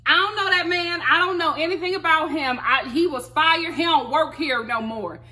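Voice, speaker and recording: A woman voicing an older woman who flatly brushes off a confrontation with a dismissive drawl. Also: sits high, normal speed, pitched above the performer's own voice. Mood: defiant. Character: blunt older woman, unbothered and defiant.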